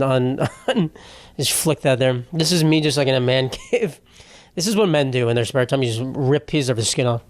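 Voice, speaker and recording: A man with a medium-pitched voice hosts a solo comedy podcast from home, the sound free of echo. He chats casually, telling meandering, foul-mouthed stories that poke fun at himself.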